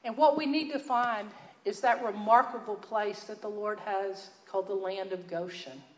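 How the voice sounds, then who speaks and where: A woman with a Texan accent, teaching a sermon in a folksy, earnest storytelling way that drops to a hush for emphasis. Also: mid-range voice, fairly even intonation, normal speed, echoey room, low-quality recording. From Texas. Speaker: Bible teacher.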